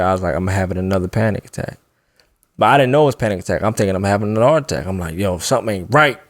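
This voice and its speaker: A man's voice: lowish voice, no room sound, clean studio sound. A man casually telling a long personal story on a podcast, loose and laughing as he goes. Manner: laid-back, laughs while telling a story. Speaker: podcast co-host.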